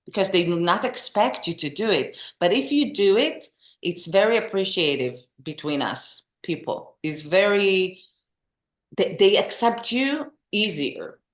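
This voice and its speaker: A middle-aged woman, a singer and vocal teacher telling animated stories as an interview guest. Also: mid-range voice, measured pace. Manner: animated, expressive storyteller. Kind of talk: casual interview storytelling. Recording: echoey room.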